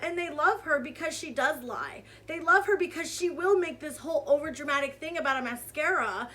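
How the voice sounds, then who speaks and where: A woman's voice: high-pitched, fairly quick, sharp tone. A woman vlogger giving casual commentary on online drama in a heated, sarcastic rant.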